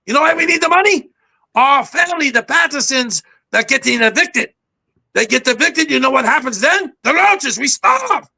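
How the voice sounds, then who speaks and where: A man's voice: very high voice, animated, moderate pace, vocal fry, pushed and bright, pitched above the performer's own voice, heavily acted. A man voicing a dramatic male cockroach general with a Cuban accent, commanding and theatrical. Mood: rallying.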